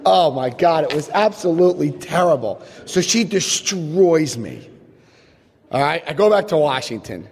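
A man telling a story to a crowd with a lively, swooping voice that rises high when he gets worked up. He laughs often and acts out the people in the story. A long reverb hangs behind him, as in a big hall. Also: a little slow, long pauses. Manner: animated, laughing, acts out quotes. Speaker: speaker sharing a personal story. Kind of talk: storytelling to an audience.

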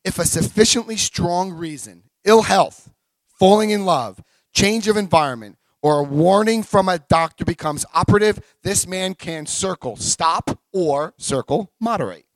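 Speaking live before a big crowd, a man in his forties shares the story of his own recovery with real energy. He imitates the people in it and whoops at the best moments, his delivery animated but measured in pace, with no room sound.

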